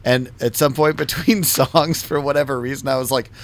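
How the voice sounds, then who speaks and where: A man co-hosting a podcast, telling a story with a giggly, animated delivery. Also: medium pitch, normal speed. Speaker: co-host. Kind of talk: casual podcast chat.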